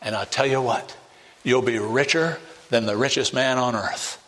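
Preacher guy, fervent sermon, keeps asking the crowd questions and gets loud on the big points. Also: medium pitch, fairly even intonation, normal speed. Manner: fervent, rising to emphatic peaks, direct questions to listeners. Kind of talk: evangelistic sermon.

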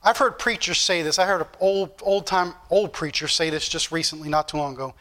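Fervent high-voiced male preacher. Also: fairly even intonation, fairly quick, pushed and bright. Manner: fervent, repetitive, building intensity. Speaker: pastor. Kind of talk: sermon. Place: church.

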